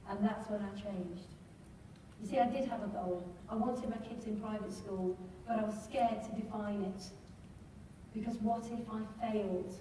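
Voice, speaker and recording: A woman's voice: medium pitch, fairly even intonation, normal speed, warm tone, slight background noise. A middle-aged woman, giving a motivational talk to a live audience. She tells her story vividly and asks the crowd questions. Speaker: speaker at a business training event. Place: large hall with a live audience. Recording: echoey hall, voice from far off.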